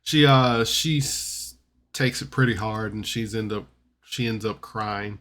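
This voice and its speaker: A man's voice: fairly low pitch, unhurried, fairly bright tone. A man casually recapping a tabletop game episode for a podcast, rambling and chatty, full of fillers and restarts. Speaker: podcast reviewer.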